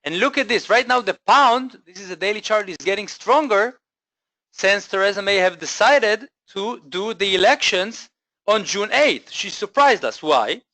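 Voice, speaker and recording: On a dry recording, a high-pitched man teaches a live online trading lesson at normal speed. He is energetic, frequently correcting himself and using fillers, and keeps checking in with his audience.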